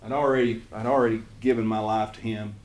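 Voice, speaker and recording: A man with an Eastern Kentucky accent, a church missions pastor telling his calling story to a small group in earnest, halting speech. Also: lowish voice, steady tone, darkish tone. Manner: earnest storytelling with frequent restarts. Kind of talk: casual testimony to a small group. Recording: roomy echo, faint room noise.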